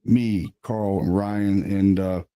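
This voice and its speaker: Speaking slowly in a deep, smooth voice, a male paranormal investigator casually recounts one of his investigations. His telling is animated and peppered with swearing and filler words.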